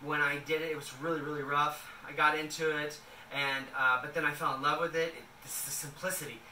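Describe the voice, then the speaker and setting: A man's voice: fairly high pitch, little pitch movement, a little fast, sharp tone, slight background noise. A man in a casual home kitchen vlog, talking in a loose, rambling way with many fillers as he makes a salad. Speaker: vlogger. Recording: echoey room, a bit distant.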